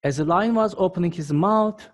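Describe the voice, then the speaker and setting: A man's voice: sits high, normal speed. A male English teacher, patiently explaining a fable word by word. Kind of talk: classroom lesson.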